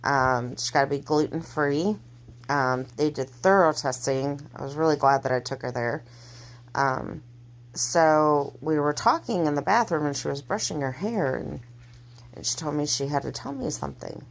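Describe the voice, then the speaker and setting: A woman telling a personal story in a casual, halting way, with many pauses and restarts. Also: sits low. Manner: halting, hesitant, soft-spoken delivery. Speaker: mother telling her family's story.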